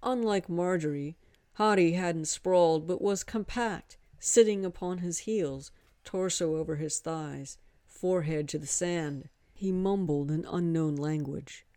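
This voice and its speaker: Slow, smooth woman narrator. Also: fairly low pitch, dark tone, no room sound. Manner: measured, unhurried storytelling. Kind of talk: scripted narration.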